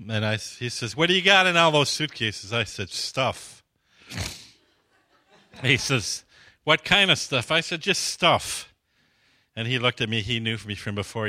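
Bright-voiced man preaching a testimony. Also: lowish voice. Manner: storytelling, acts out dialogue with voice swings. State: dry throat. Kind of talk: sermon testimony.

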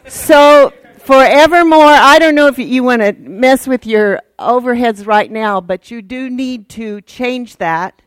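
A woman teaching in a church, casual and teasing but direct, with a fairly high voice. She speaks slowly and deliberately. The sound is dry and close. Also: smooth, no echo. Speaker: Bible teacher.

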